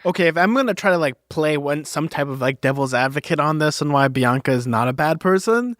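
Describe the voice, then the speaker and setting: A man's voice: a little high, lively intonation, fairly quick, fairly bright tone, no room sound, clean studio sound. A young man co-hosting a podcast, talking casually and with opinions, rambling with filler words. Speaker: podcast co-host. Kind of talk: casual chat.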